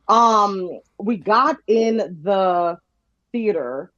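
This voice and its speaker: A woman guest on a podcast, telling an animated story with lots of laughter and voices for the people she quotes. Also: mid-range voice, takes it slowly, dry recording, lo-fi sound. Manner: lively, laughing, acts out quotes in shifting voices.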